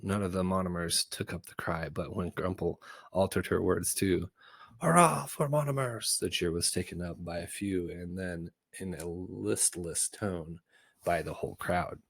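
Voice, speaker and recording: A man's voice: deep voice, little pitch movement, normal speed, gravelly, slightly rough, no echo. A man reading a children's novel aloud in a goofy, casual way, with small slips and self-corrections. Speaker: book reader.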